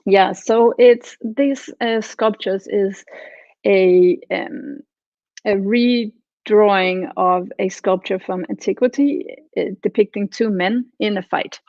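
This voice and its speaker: A woman's voice: medium pitch, steady tone, takes it slowly, a little mellow, dry recording. Woman on a dull video call. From Denmark. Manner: matter-of-fact, explanatory. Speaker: guest artist. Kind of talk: interview answers. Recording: dry, dull lo-fi call audio.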